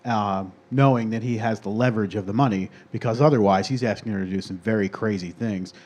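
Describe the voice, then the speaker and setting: Low-voiced man recounting a case. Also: a little mellow. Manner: measured, detailed recounting. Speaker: podcast guest, crime podcaster. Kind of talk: casual storytelling.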